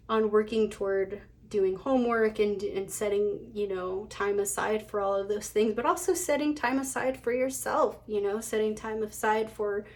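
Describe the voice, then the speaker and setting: A woman giving a casual pick-a-card tarot reading, chatty and giggly, talking to the viewers as she pulls cards. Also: mid-range voice. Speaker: tarot reader.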